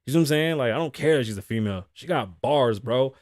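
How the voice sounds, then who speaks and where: A man's voice: medium pitch, expressive, fast talker, no echo, studio quality. Blunt, profane young man host. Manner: blunt, profane, riffs on stories with acted quotes. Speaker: podcast host. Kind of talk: casual commentary, reading news stories aloud.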